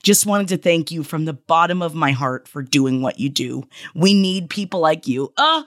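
A woman podcast host in her thirties, gushing and affectionate as she reads out listener shout-outs in a casual chat. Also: sits low, lively intonation, normal speed, no room sound, clean studio sound.

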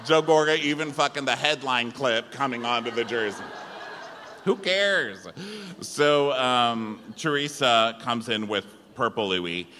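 A man co-hosting a comedic recap show live on stage, campy and prone to mimicking people in high voices. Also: moderate pace, few pauses, noisy background. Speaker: podcast co-host. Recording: live hall reverb with faint ambience.

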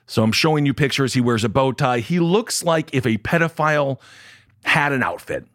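A man co-hosting a podcast, delivering animated, sarcastic political commentary, moving between loud jabs and low asides. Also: moderate pace, no echo, studio quality. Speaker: podcast co-host.

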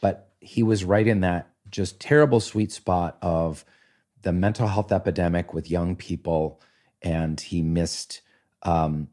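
A low-pitched man in his fifties talks casually as a podcast guest. He tells stories with animated flair and jumps into silly voices and sound effects to act them out. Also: a little slow. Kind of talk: casual storytelling chat.

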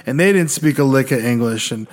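A young man co-hosting a podcast, telling stories casually in an animated, profane way and acting out other people's voices. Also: medium pitch, a little fast. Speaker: podcast co-host. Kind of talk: casual storytelling.

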